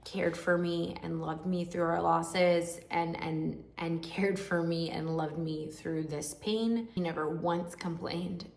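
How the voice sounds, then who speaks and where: A woman's voice: on the low side, fairly even intonation, takes it slowly, creaky, hardly any pauses, a little mellow, reverberant. A young woman vlogger telling her own story to camera in a frank, emotional, chatty way with many asides. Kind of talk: candid personal storytelling to camera.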